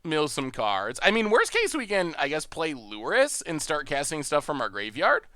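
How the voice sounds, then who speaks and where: A man's voice: a little high, wildly swooping pitch, moderate pace, pushed and bright, no echo, clean studio sound. A man with an upstate New York accent hosting a live stream, chatting and thinking aloud as he plays a card game and laughing often. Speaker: stream host. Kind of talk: live-stream gameplay commentary.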